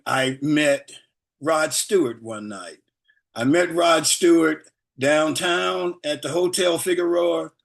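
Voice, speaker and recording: An older man, a guest speaker, tells stories to a group in a relaxed, rambling way and chuckles often. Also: on the high side, vocal fry. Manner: relaxed, rambling delivery with fillers. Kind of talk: storytelling anecdotes to a group.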